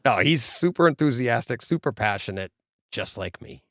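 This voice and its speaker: A podcast co-host with a medium-pitched, fairly bright voice and lively intonation speaks at normal speed in a casual chat. He tells stories animatedly, mimics people, and laughs often, recorded cleanly in a studio with no room sound.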